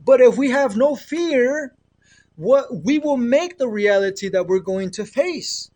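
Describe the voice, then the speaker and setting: A middle-aged man with a Mexican accent and a fairly high voice hosts a casual spiritual livestream from home. He speaks through an earbud mic in a rambling, earnest way, often trailing off mid-thought and starting over. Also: animated, a little slow, darkish tone. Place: home with children nearby. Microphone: earbud headset.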